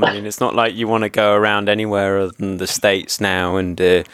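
Man, English accent, podcast host, resonant low voice, dry close recording, casual rambling chat. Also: completely flat delivery, fairly quick, few pauses, a bit bright, smooth, no room sound. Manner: rambling, chummy, laughs often.

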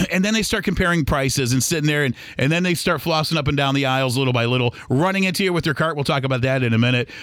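A man's voice: mid-range voice, fast talker, fairly bright tone, no echo. A man hosting a solo podcast, rambling casually about everyday errands and acting out other people's voices. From Michigan, US. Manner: chatty and rambling, acts out shoppers' voices. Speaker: podcast host.

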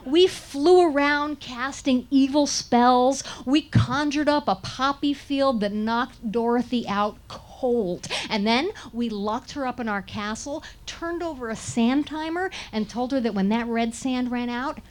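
Woman storyteller, a touch high, lively and wry, laughs through her own comic tale. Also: measured pace, hardly any pauses. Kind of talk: first-person comic storytelling.

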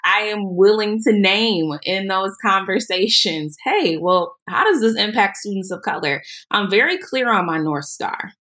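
A woman guest on a podcast answering questions in a measured, emphatic way, repeating words for stress. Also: mid-range voice, animated, a bit bright. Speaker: podcast guest, education leader. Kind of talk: earnest interview answers.

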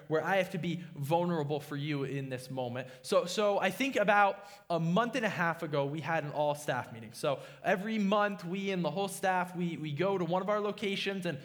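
A man's voice: sits high, fairly bright tone. A young man preaching a sermon as a pastor, earnest and confessional, often restarting his sentences.

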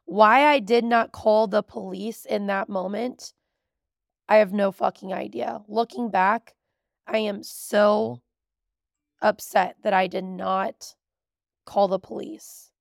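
A woman's voice: medium pitch, steady tone, takes it slowly, creaky, no echo, studio quality. A woman in her thirties, a podcast host, telling a personal story in a candid, emotional way. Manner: candid, emotional, tearful at times.

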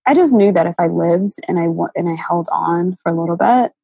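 A woman guest telling a painful personal story, halting and emotional, with many fillers and restarts. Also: fairly low pitch, gravelly, warm tone, husky, no echo, rough recording. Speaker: interview guest.

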